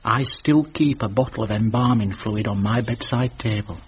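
A man's voice: fairly low pitch, normal speed, husky. A man voicing a fussy, creepy middle-aged man, talking in a prim, pompous way. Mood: confiding. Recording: dull lo-fi sound.

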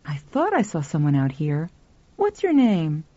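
A stern, querulous older spinster, put on by a woman reading aloud. Her talk is clipped and animated, in a dry, slightly muffled reading. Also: low voice, measured pace, no room sound, exaggerated voice. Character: thin graying older spinster, stern, prickly.

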